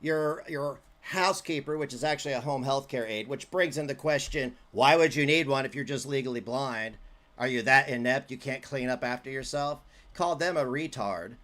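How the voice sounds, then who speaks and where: A man's voice: mid-range voice, normal speed, fairly bright tone. A man streaming commentary on a clip, mocking and sarcastic, with frequent swearing.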